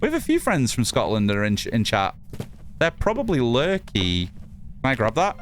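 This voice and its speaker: Narrating his game while chatting with viewers, this northern English streamer, whose accent mixes northern English influences, reads out chat and swears in a casual way. He talks a little fast at medium pitch, with huge swings in pitch. Faint music plays behind him.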